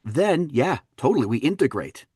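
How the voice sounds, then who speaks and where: A man, an actor and dialect coach, telling lively stories in a casual interview and acting out what others said. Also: medium pitch, moderate pace, breathy edge, no echo, clean studio sound. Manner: animated storyteller, acts out quotes, laughs often. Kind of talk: conversational interview.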